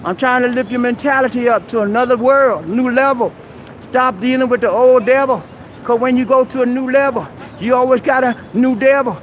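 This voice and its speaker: A man's voice: extremely high pitch, brisk, a little hiss or hum. A man hosting a live stream outdoors at a mall, giving preachy, exhorting advice and calling the listener "man". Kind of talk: motivational advice rant. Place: outdoors at a busy shopping mall.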